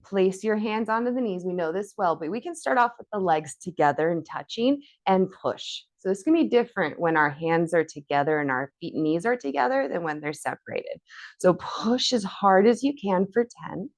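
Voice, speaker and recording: A woman's voice: mid-range voice, animated, normal speed. A woman leading a guided floor workout, counting reps aloud and encouraging, a little out of breath from exercising along. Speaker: fitness instructor.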